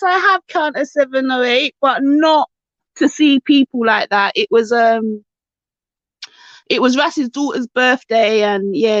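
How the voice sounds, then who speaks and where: A woman's voice: on the high side, no room sound. A young woman hosting a casual live stream chat, teasing her viewers and laughing almost constantly. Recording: dull lo-fi stream audio.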